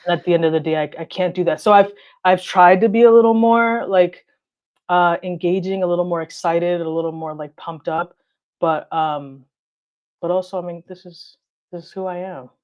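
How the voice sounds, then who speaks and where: A woman guest chatting in an interview, talking in a steady, direct way that she calls monotone and thinking aloud with frequent restarts. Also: fairly low pitch, normal speed, lo-fi sound. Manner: calls her own delivery monotone, straight and direct; reflective, talks things through with frequent restarts. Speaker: guest, car detailing video creator. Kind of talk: casual interview conversation.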